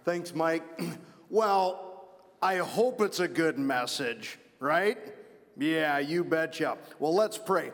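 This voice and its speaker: A man from Wisconsin giving an energetic children's message in church, playful and repeating himself to keep the kids with him. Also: on the high side, slow. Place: church sanctuary. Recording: long church reverb.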